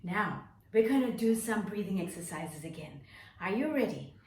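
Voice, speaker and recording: A woman drama teacher leading a nursery class online, giving slow, drawn-out instructions and stretching each word in a cheerful, encouraging way for small children. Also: mid-range voice, expressive, darkish tone, distant mic, a little hiss or hum. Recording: echoey room, voice away from mic.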